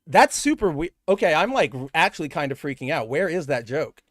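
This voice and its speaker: A young man with a slightly high voice co-hosts a casual comic book podcast. He rambles animatedly, restarts his sentences, and drops into quick impressions of characters. The sound is dry and close to the mic. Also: big pitch swings, a bit bright, no room sound. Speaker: podcast co-host.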